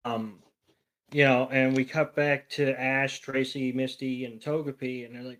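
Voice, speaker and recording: A man co-hosts a podcast in casual chat. He rambles as he retells a story, filling pauses with "you know" and "um". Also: medium pitch, little pitch movement.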